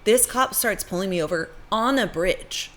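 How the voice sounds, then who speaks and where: A woman co-hosting a podcast, telling a story in a casual, animated way and acting out the people in it. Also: mid-range voice, normal speed. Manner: animated, acts out voices in her stories. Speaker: podcast co-host.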